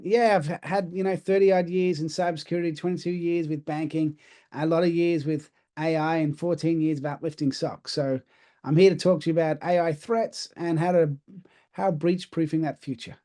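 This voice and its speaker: A man's voice: on the high side, fairly even intonation, moderate pace, dark tone. A man from Australia with an accent mixing Australian, British and American, giving a chatty, self-deprecating webinar presentation. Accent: Australian mixed with British and American.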